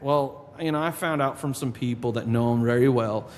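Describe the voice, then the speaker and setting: A man's voice: medium pitch, normal speed. Man telling a story in a reverberant room. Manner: animated storyteller, quotes people in his own voice. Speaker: podcast guest, drummer. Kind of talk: casual storytelling interview. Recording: long reverb with faint background noise.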